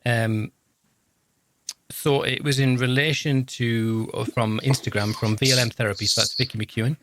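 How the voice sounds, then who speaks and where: A man's voice: mid-range voice, steady tone, moderate pace, a bit bright, a little hiss or hum. A man, hosting a podcast in a casual, rambling, self-deprecating, jokey way. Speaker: podcast host. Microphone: podcast microphone.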